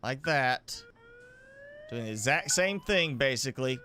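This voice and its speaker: A man streaming a game live, thinking aloud as he builds, with halting, self-correcting talk. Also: medium pitch, lively intonation, pushed and bright, slight background noise. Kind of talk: live gameplay commentary.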